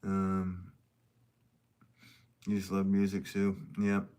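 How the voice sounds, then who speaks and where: A man's voice: low voice, completely flat delivery, slow pace, a little mellow, clear, resonant tone. A man, a potter, chatting casually on a livestream and greeting viewers by name in a rambling, easygoing way.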